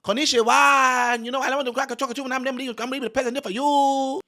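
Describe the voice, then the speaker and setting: A man's voice: extremely high pitch, level tone, racing, a bit bright, voice pushed up. A man doing an exaggerated, sing-song parody impression of a cackling woman politician. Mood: mocking.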